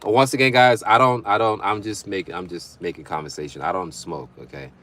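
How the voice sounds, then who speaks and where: A young man with a low, steady, fairly bright voice hosts a livestream at a brisk pace. In casual chat he reads viewer comments aloud, bantering and laughing often between remarks.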